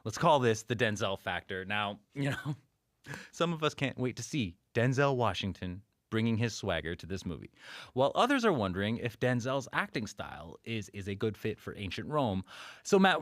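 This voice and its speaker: A man's voice: mid-range voice, sing-song, normal speed, no room sound, clean studio sound. A man hosting a radio panel chat. He laughs often and steers the guests from topic to topic. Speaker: host.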